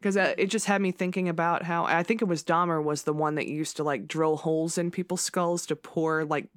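A woman's voice: low-pitched, steady tone, fairly quick, no room sound, studio quality. A woman co-hosting a casual true-crime chat, chiming in with reactions and comments. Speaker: podcast co-host.

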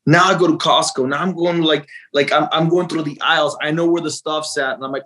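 A man's voice: on the high side, steady tone, moderate pace, fairly bright tone, poor audio. A man talking as a guest father on an interview show, telling stories in a rambling way with lots of repeated words and acted-out quotes. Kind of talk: casual storytelling chat.

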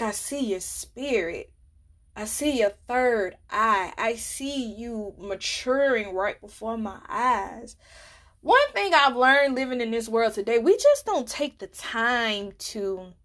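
A woman's voice: a little high, fairly bright tone. A woman podcast host, talking in an earnest, emotional way that often drops almost to a whisper. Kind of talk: reflective monologue.

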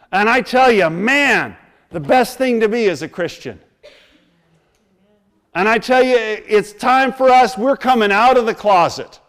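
A man with a notably high voice delivers a sermon in a church. He tells stories about himself with a laugh, then presses his listeners with urgent, repeated questions. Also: fairly bright tone. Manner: storytelling, laughing at his own past, rising into emphatic exhortation. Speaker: preacher.

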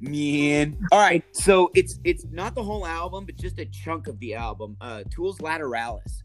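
A man co-hosting a podcast, telling animated stories with a lot of swearing. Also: on the high side, normal speed, faint music behind. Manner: animated, profane storytelling. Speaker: podcast co-host. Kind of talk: casual chat.

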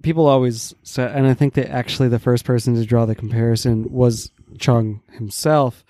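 A man co-hosting a podcast, chatting casually, halting and repeating words as he thinks. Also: medium pitch, fairly even intonation, mellow, no echo, clean studio sound. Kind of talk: casual chat.

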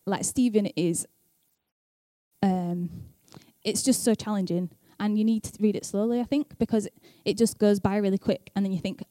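A woman's voice: medium pitch, fairly even intonation, normal speed, dark tone, no echo. A young woman speaking at church in a chatty, self-deprecating way, laughing often, then reading scripture aloud. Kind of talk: casual talk and scripture reading.

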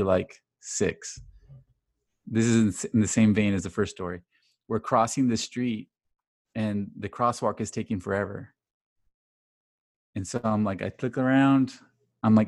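A man in his thirties, a podcast guest, telling animated stories with lively quoted voices. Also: lowish voice, moderate pace, pauses often, no room sound, studio quality. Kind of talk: casual chat.

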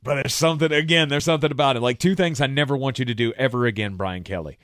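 A man's voice: medium pitch, quick pace, fairly bright tone, dry recording, clean studio sound. A man co-hosting a sports talk show, easygoing and playful, often restarting his sentences. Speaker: sports podcast co-host. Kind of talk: casual sports debate.

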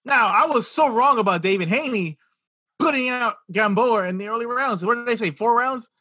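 A man with a husky, raspy edge and a bright, forceful tone, talking boxing in a loose, animated way. He stumbles and repeats himself and swears freely. The sound is dry and close. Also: very high-pitched, normal speed, dry recording. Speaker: boxing podcast co-host. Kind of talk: casual chat.

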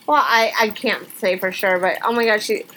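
A woman co-hosting a podcast, chatting casually and reading funny news stories aloud with lively exclamations. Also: mid-range voice, normal speed, slight background noise, rough recording. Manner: chatty, animated, reacts with exclamations. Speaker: podcast co-host.

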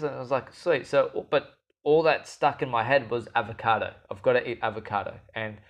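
Young man telling a lively story. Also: mid-range voice, brisk, muffled recording. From Australia. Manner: animated, acts out quoted voices, laughs often. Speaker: guest fighter. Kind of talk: casual storytelling chat.

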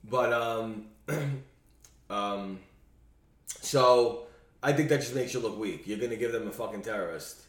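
A man's voice: on the low side, a little slow, pauses often, fairly bright tone, roomy sound, distant mic. A man co-hosting a podcast, ranting bluntly in casual chat and swearing freely. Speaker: podcast co-host.

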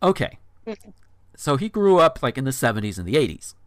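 A man's voice: medium pitch, very animated, fairly quick, no room sound. A man in his thirties reading a blog post aloud on a podcast, breaking off for incredulous asides with frequent fillers. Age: 30s.

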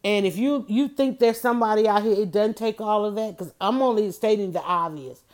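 A woman's voice: medium pitch, fairly quick, a little mellow. A middle-aged woman talking in a casual, rambling monologue, emphatic and full of restarts and self-corrections.

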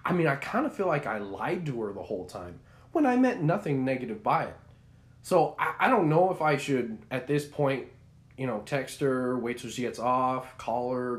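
Young guy cohosting a podcast, animated, keeps restarting sentences. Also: mid-range voice. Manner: animated storyteller, rambling with restarts. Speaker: podcast co-host. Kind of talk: casual chat.

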